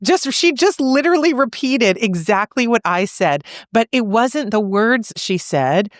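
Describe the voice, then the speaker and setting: In an unhurried, animated, fairly high voice, a thirty-something therapist who co-hosts a podcast earnestly recounts something personal. She reflects conversationally and frequently asks "right?". The clean studio recording has no echo.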